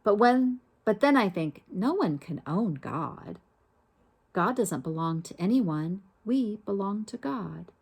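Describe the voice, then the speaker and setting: A woman reading a children's picture book aloud in a gentle, unhurried way, pausing to ask her listeners questions. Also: mid-range voice, expressive, creaky, breathy edge. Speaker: storybook reader.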